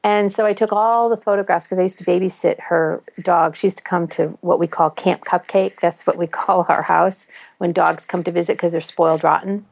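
Woman co-host, low gravelly voice, chatty and upbeat. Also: fairly even intonation, normal speed, darkish tone. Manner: chatty, recommends apps with enthusiasm. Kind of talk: casual chat.

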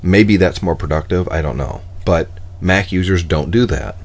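A man co-hosting a casual tech podcast, telling stories in an exasperated, animated way. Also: low voice, normal speed. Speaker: podcast co-host.

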